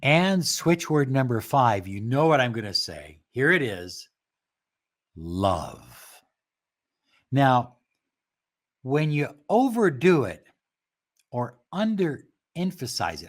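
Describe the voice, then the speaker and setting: Slow, husky motivational male teacher. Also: mid-range voice, big pitch swings. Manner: slow, emphatic, drops to soft whispered words. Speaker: self-help teacher. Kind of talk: motivational talk to camera.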